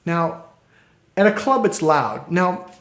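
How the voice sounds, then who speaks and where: A male dating coach talks straight to his listeners in an animated, storytelling way. His voice sits a little higher than most men's. The room around him rings with echo. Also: slow pace. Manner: animated storyteller who acts out quotes. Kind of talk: coaching talk to camera.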